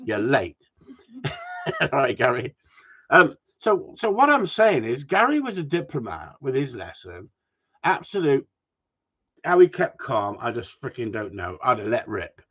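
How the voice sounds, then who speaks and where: A man who trains gundogs, chatting casually and telling stories in an animated way, swearing freely and often restarting his sentences. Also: medium pitch, a little slow. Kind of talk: casual chat, storytelling. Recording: dull lo-fi recording.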